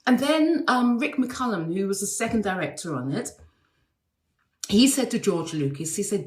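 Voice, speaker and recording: English woman, rambling storyteller, echoey room, mid pitch. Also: expressive, a little slow. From England. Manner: warm chatty storytelling with many fillers and restarts. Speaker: guest sending a recorded message. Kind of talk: casual recorded anecdote.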